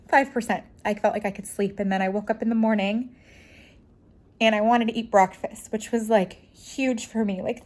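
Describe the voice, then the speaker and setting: A woman's voice: medium pitch, a little mellow. A young woman speaking as a lifestyle vlogger, telling a raw personal story with many "like" fillers and acting out the dialogue she remembers. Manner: acts out quoted dialogue in her own voice.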